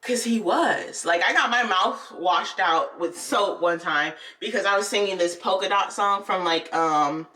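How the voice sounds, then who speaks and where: Bright-voiced young woman telling stories. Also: mid-range voice, measured pace, few pauses, distant mic. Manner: animated, candid, laughs often. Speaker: vlogger. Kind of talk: casual storytelling chat.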